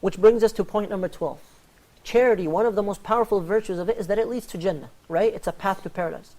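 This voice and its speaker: Guy hosting religious talk show, talks super fast, acts out the story voices. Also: high-pitched. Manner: animated storyteller, acts out quoted dialogue. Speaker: host. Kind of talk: religious panel talk on charity.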